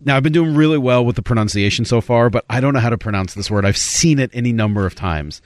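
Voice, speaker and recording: A man's voice: mid-range voice, quick pace, few pauses, no room sound, studio quality. A middle-aged man co-hosting a sports talk show, chatting casually and reading an ad with playful emphasis. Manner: lively, reads menu items with playful emphasis. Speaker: sports radio co-host. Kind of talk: casual chat and read ad.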